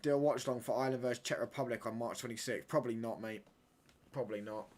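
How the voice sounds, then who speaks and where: A young man live-streaming a football watchalong, reacting excitedly and bantering with viewers in slangy chat. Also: mid-range voice, quick pace.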